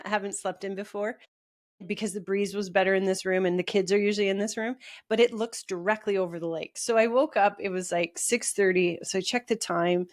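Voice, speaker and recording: A woman's voice: mid-range voice, dry recording, clean studio sound. A woman co-hosting a podcast, telling stories in casual chat, laughing often and swearing freely. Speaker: podcast co-host.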